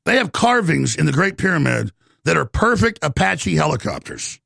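A man delivering a heated, excited rant as a show host, often stumbling and repeating words as he builds up steam. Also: fairly high pitch, normal speed, creaky, no echo, clean studio sound. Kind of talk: heated ranting monologue.

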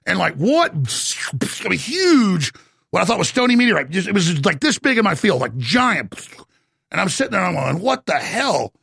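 A man delivering a heated, excited rant as a show host, often stumbling and repeating words as he builds up steam. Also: high-pitched, normal speed, creaky, slightly rough, no room sound, clean studio sound. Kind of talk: heated ranting monologue.

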